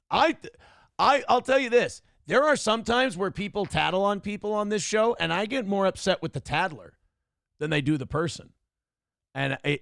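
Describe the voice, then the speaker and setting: Brash, gravelly, high-voiced male host. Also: fairly bright tone, no echo, clean studio sound. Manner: brash, taunting and profane. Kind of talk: livestream morning show, reading donations.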